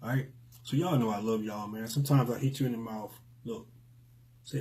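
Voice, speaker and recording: A man's voice: mid-range voice, steady tone, normal speed, dark tone, rough recording. Emphatic, preachy man on a live stream. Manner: preachy, emphatic, repeats lines for effect. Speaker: host of a live motivational stream. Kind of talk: motivational live-stream talk.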